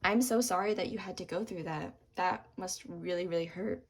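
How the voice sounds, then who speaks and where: A young woman giving a tarot reading, gentle and reassuring, with frequent ums and apologies, her voice cracking from talking a lot. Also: fairly low pitch, moderate pace, a little hiss or hum. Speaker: tarot reader.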